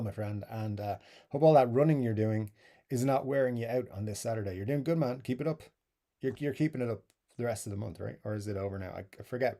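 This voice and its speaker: Laid-back Irish man, mellow voice. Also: medium pitch. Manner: easygoing, chuckling, self-deprecating asides. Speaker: YouTube live stream host. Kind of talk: casual live stream chat, reading viewer comments.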